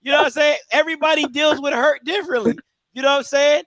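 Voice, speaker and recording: A man's voice: extremely high pitch, fairly even intonation, quick pace, a bit bright, no room sound. A man hosting a call-in sports show, talking casually and laughing, with "you know what I'm saying" again and again.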